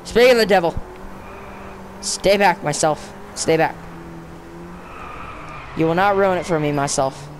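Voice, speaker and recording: This excitable young guy yells at a race while narrating his own gameplay as casual let's-play commentary. His fairly high voice is unhurried, with long pauses, and his frustration spills into slangy outbursts aimed at the game or himself, peppered with "dude" and "bro." A faint hiss or hum runs underneath.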